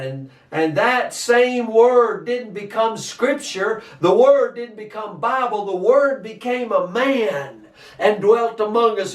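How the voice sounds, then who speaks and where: High-voiced preacher in an echoey room. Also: male voice. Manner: questioning, animated, repeats himself. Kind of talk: sermon. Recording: echoey, distant from mic.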